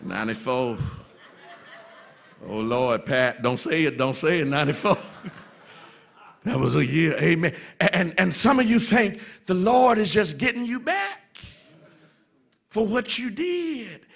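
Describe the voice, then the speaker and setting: A man preaching a sermon as pastor, swinging from soft, low passages to loud, shouted refrains. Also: animated, slow, vocal fry, pauses often.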